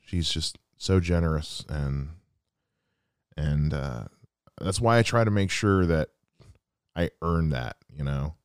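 Rumbling low and speaking slowly with long pauses, a man in his thirties hosts a heartfelt solo podcast about someone close to him. His tone is clear and resonant, earnest and reflective with quoted asides, and there's no echo.

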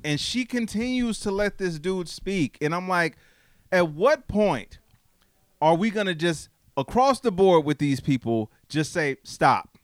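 A man's voice: high voice, expressive, unhurried, clean tone, no room sound, studio quality. A man co-hosting a casual political chat, heated, blunt and swearing freely.

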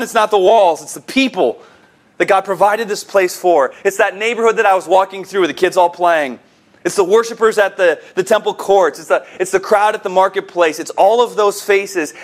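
A male pastor preaching a sermon, telling a scene vividly and swinging between hushed, slow lines and emphatic, rising ones. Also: sits high.

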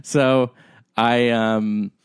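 A man's voice: medium pitch, little pitch movement, drawn-out words, clear, resonant tone, dry recording. A young man co-hosting a podcast, telling a rambling, self-deprecating story in a casual way, full of "like" and "um". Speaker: podcast co-host.

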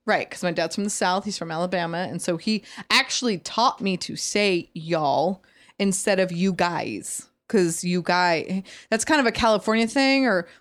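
A woman co-hosting a casual podcast chat, chatty and quick to agree. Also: lowish voice. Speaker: podcast co-host.

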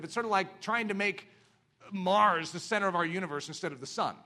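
Guy preaching a sermon, high and bright, acts out voices, super animated. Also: a little fast. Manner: animated, acts out quoted voices, rhetorical questions.

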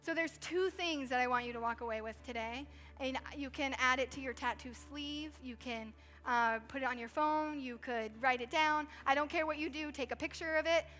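Soft music plays behind a pastor's wife in her thirties as she preaches from the church stage in a conversational, storytelling style peppered with "like." She speaks at a moderate pace in a high, slightly bright voice and barely pauses.

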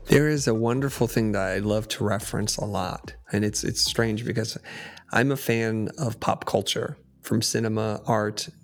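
Brief: male podcast guest, emphatic storyteller, gravelly tone, faint music underneath. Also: lowish voice, fairly even intonation, moderate pace. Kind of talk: storytelling in conversation.

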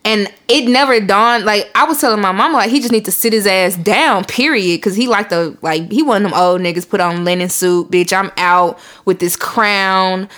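A woman, co-hosting a podcast in casual chat with profane, animated storytelling. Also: medium pitch, a little fast, few pauses. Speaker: podcast co-host.

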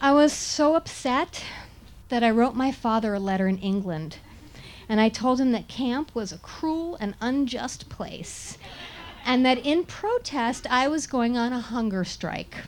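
A woman telling a funny first-person story in an animated way, often laughing and sounding indignant. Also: a little high, a little slow, a little hiss or hum.

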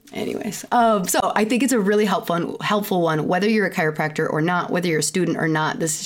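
A woman with a Midwestern accent hosts her own podcast in her thirties. Her voice sits a little low, and she talks in a loose, chatty way, full of asides and fillers. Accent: Midwestern American. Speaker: podcast host and chiropractor. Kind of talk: casual solo podcast intro.

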